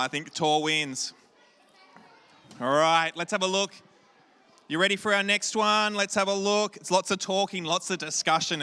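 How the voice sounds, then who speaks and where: High, bright-voiced man hosting a kids' game. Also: smooth. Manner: upbeat, drawn-out questions. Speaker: kids' church host. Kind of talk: energetic crowd game hosting. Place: large hall with a live audience. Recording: hall reverb.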